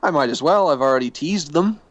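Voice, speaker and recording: A man's voice: on the high side, expressive, no echo. Blunt young man reading listener mail. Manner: blunt, halting, swears casually. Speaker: podcast co-host reading listener emails. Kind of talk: casual chat.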